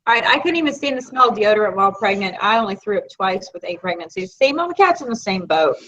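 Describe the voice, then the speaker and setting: Co-hosting a relaxed live video chat, this woman from Florida speaks fast at medium pitch in a Southern American accent. She tells stories with chatty animation, captured on dull lo-fi audio.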